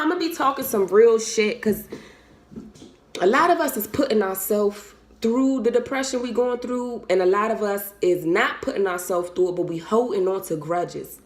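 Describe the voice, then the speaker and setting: A woman's voice: medium pitch, normal speed. A young woman talking candidly and bluntly to her viewers, swearing freely and speaking from the heart. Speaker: vlogger. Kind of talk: candid motivational talk to camera. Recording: roomy echo.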